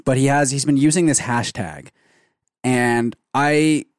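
A man's voice: mid-range voice, a little slow, dry recording, clean studio sound. Rambling, amused male podcast co-host. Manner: rambling, filler-heavy, amused by his own jokes. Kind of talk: casual comedy chat. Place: Canadian studio show.

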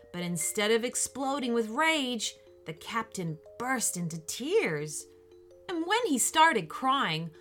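A woman reading a children's story aloud in a gentle, expressive way, with faint music behind her. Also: on the high side. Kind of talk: scripted children's story narration.

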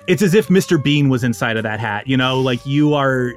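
A man's voice: mid-range voice, animated, fairly quick. A man narrating and refereeing as game master, loose and laughing as he improvises.

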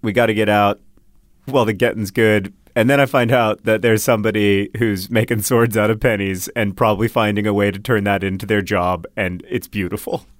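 Low-voiced man rambling on a podcast. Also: steady tone, fairly quick, no room sound, clean studio sound. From United States. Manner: rambling, self-deprecating, lots of restarts. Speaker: podcast co-host. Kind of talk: casual chat.

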